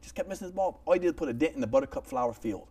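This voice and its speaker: A man hosting a casual comedy talk show, telling jokes with lively acted-out voices. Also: on the high side, rapid-fire, far from the mic, slight background noise. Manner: animated joke-telling with shouted voices and laughs. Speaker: host.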